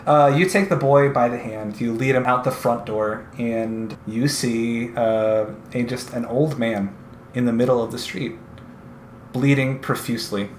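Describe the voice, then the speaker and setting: A man's voice: medium pitch, fairly even intonation. A male game master narrates a tabletop game, stopping and restarting often with fillers. His mid-range voice has a roomy echo and faint background noise. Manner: halting, lots of fillers.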